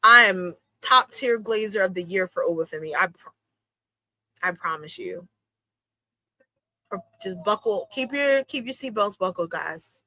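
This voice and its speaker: A young woman hosting a wrestling watch-along stream, talking casually in slang and jumping into high exclamations as she reacts. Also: measured pace, long pauses, pushed and bright, no room sound. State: itchy watery eyes from allergies. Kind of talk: casual live-stream commentary.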